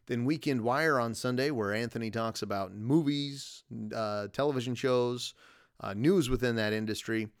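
A man's voice: mid-range voice, clean tone, dry recording, clean studio sound. A man in his thirties hosting a casual solo podcast, rambling and self-deprecating, laughing often as he talks. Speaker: podcast host.

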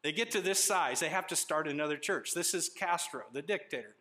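Middle-aged male pastor, sermon delivery, fairly high, bright and forceful voice, animated storyteller. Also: a little fast. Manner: animated storytelling preacher, reads scripture aloud.

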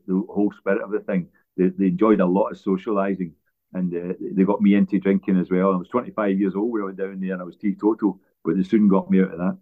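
A Scottish former footballer with a very low voice rambles through long anecdotes in a relaxed interview, frequently restarting his sentences. The recording is thin and tinny, like a phone line.

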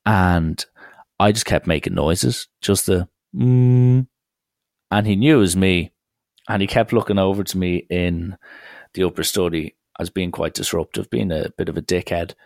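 A man's voice: low voice, fairly even intonation, normal speed, gravelly, no echo, clean studio sound. A young man telling a school story in a casual, wry, rambling way. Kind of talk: casual anecdote.

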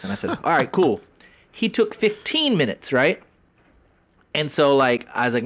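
A man co-hosting a casual podcast from his home podcast room, ranting in an animated, profane way. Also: medium pitch, normal speed. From Texas. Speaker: podcast co-host.

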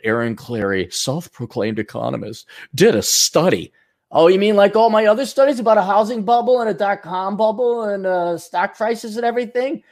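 A man hosting his own show, rambling in a profane, sarcastic monologue. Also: mid-range voice. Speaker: show host.

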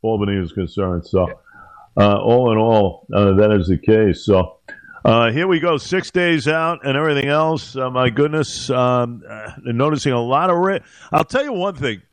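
A man hosting a talk radio show, speaking haltingly with many fillers and growing heated on politics. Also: medium pitch, no echo. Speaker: radio host.

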